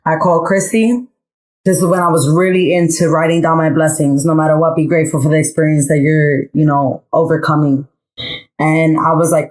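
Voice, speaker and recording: A woman with a lower voice tells a personal story to friends in a relaxed, heartfelt way. She often repeats phrases as she goes, in casual podcast talk. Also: fairly quick, rough recording. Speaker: podcast co-host.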